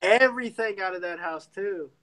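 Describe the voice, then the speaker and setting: High-pitched dude bantering, lots of chatter in the background. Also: male voice, normal speed. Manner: blunt teasing banter. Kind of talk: casual chat.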